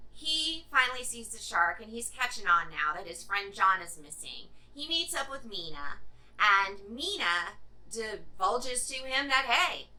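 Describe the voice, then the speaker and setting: A woman's voice: on the high side, pushed and bright, distant mic, poor audio. A woman reviewing a movie in a casual vlog, sarcastic and irreverent, swearing freely.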